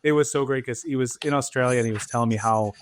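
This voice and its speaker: A man's voice: mid-range voice, no room sound. A man hosting a travel podcast, chatting casually and reacting with enthusiasm. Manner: enthusiastic, quick reactions and laughter. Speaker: podcast host. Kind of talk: casual chat.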